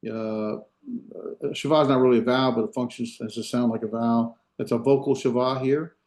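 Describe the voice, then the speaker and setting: A man teaching a class, talking through each point step by step with plenty of "uh"s and restarts. His voice is mellow and relaxed, at an ordinary middle pitch. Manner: unhurried, many fillers and restarts, explains step by step. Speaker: Hebrew instructor. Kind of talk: classroom lecture. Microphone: video call.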